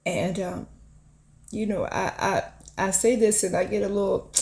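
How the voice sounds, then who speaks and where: A woman's voice: mid-range voice, unhurried, gravelly, a little mellow, echoey room. A woman hosting her own channel, giving a heartfelt, encouraging prophetic word to camera in an earnest way, often repeating herself and saying "you know".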